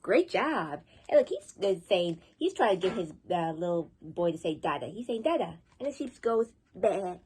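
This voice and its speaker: A woman leading a children's storytime as librarian, encouraging and sing-song, teaching words slowly. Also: lowish voice, very animated, a little mellow, husky.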